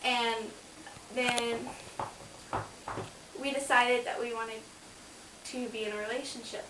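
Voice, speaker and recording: A woman's voice: fairly high pitch, fairly even intonation, slow, a bit bright, far from the mic. A young adult woman, a college student, chatting casually and bubbly about her life, with lots of "like" fillers. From Kansas. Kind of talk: casual personal storytelling vlog. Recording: roomy, off-mic, faint hiss.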